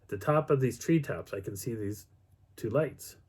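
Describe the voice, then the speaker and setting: A man's voice: moderate pace, breathy edge. Middle-aged guy telling a night story on his channel, medium voice, acts out the quotes. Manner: animated, acts out quotes with pitch jumps and whispers. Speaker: vlogger. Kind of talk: casual storytelling.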